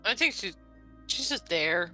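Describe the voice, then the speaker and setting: A woman playing a tabletop game, giggly and quick to react. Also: medium pitch, animated, music in the background. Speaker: player. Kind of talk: casual tabletop play.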